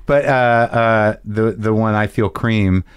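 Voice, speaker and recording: A man interviewing a musician casually, halting often and restarting his questions. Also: fairly low pitch, steady tone, clean tone, dry recording, studio quality. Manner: halting, with many restarts and repeated words.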